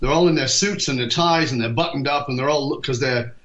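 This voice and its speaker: A man in his fifties from England, a leadership speaker telling stories in an interview and acting out quoted dialogue. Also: mid-range voice. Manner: lively, acts out quoted dialogue, quick asides. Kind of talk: storytelling interview talk. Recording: dull lo-fi podcast recording.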